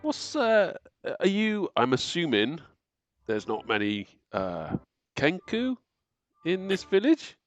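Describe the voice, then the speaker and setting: A man's voice: on the high side, huge pitch swings, takes it slowly, dry recording, faint music behind. A man playing a tabletop game, chatting playfully and laughing often. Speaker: player. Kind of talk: casual tabletop game banter.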